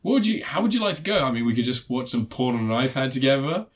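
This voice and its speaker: A man putting on the high, squeaky voice of an offhand woman from a TV series as he retells a scene. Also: big pitch swings, quick pace, natural voice.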